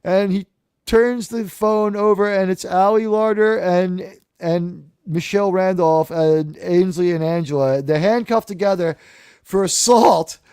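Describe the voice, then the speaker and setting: High-voiced, rambling, profane man. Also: measured pace, darkish tone, smooth, no room sound, clean studio sound. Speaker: talk show host. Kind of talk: casual live commentary.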